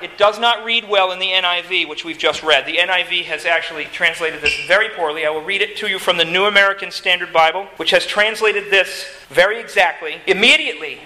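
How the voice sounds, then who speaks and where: A man preaching a sermon, explaining scripture in an animated, emphatic way and acting out the scenes he describes. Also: high-pitched, low-quality recording.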